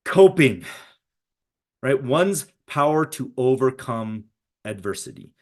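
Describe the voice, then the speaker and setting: A man's voice: medium pitch, very animated, takes it slowly. A middle-aged man presenting a live webinar to educators over a video call, talking conversationally and often checking in with "right?".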